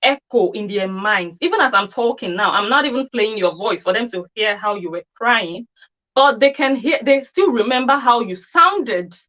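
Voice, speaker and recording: A woman's voice: on the high side, animated, normal speed, sharp tone, muffled recording. A woman giving an opinionated commentary monologue on her channel, scornful and full of rhetorical questions. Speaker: commentary vlogger.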